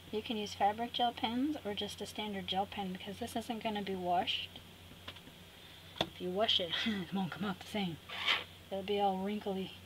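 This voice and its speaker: A woman hosting a craft tutorial, chatting to viewers and talking herself through the steps with cheerful asides. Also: medium pitch. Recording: clear background noise.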